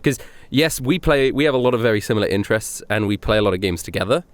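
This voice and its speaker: A man's voice: on the low side, expressive, fast talker, clear, resonant tone, no room sound. A young man co-hosting a casual podcast chat, joking and rambling with many restarts. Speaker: podcast co-host.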